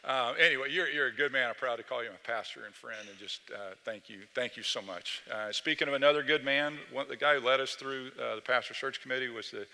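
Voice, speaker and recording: Bright-voiced man giving a halting tribute. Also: medium pitch, gravelly. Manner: halting, full of fillers, affectionate teasing. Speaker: church member giving a tribute. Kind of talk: speech at a church celebration. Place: large church sanctuary. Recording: long church reverb.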